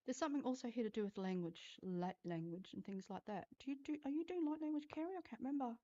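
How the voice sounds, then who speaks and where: Woman, intuitive reader on a livestream; frank, foul-mouthed, warm low tone, muffled sound. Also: lively intonation, quick pace. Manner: blunt, swears freely, talks straight to viewers. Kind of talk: live-streamed psychic reading.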